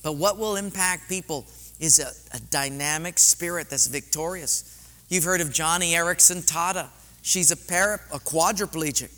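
A man's voice: on the high side, normal speed, sharp tone. A man preaching a sermon in a church sanctuary, telling stories in an earnest, heartfelt way. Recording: long hall reverb.

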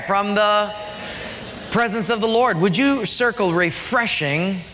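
A man preaching a sermon as pastor, emphatic, often dropping low and quiet to stress a point. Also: unhurried, long reverb tail, slight background noise.

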